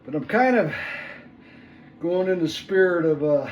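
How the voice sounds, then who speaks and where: A man's voice: sits high, expressive, unhurried, a little mellow, distant mic, lo-fi sound. A man in his sixties, out of breath, counting reps aloud during a workout vlog and groaning and muttering between sets. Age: 60s. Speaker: fitness vlogger. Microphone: phone camera set at a distance. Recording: echoey room, phone from afar, background noise.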